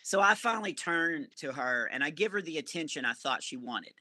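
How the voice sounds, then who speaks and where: Man, comedian guest, animated storyteller, sharp tone, dry sound. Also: a little high, brisk, no room sound. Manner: animated, rambling anecdotes with self-corrections. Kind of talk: storytelling podcast interview.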